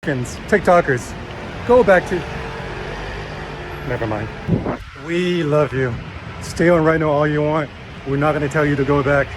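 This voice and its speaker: A man's voice: fairly high pitch, normal speed, noisy background. A man giving a playful, wry social media monologue. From China. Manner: wry, playful, building to loud cheers.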